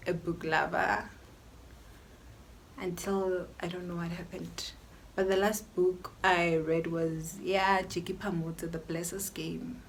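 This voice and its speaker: Brief: young South African woman, YouTuber, lower register, opinionated and chatty, faint hiss under the voice. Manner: chatty and opinionated, mixing in local languages. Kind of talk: casual Q&A vlog.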